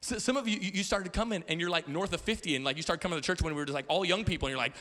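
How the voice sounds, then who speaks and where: A man's voice: high voice, racing. A man in his thirties preaching as a pastor in a church, telling stories with playful asides and stammered repeats. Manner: animated storytelling with playful asides. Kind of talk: sermon. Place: church auditorium.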